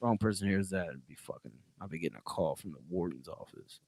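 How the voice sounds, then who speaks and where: Casual, profane man, mid pitch, dry close mic; prison-sergeant storyteller, loud bursts then mutters. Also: expressive, fast talker, slightly rough, no echo. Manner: profane storytelling with swings in loudness. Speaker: prison sergeant and podcast guest. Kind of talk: casual podcast chat.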